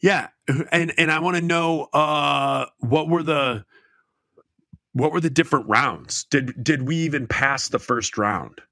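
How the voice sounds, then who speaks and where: Bright-voiced middle-aged man, casual chat. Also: a little high, measured pace, creaky, no echo, clean studio sound. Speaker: podcast co-host.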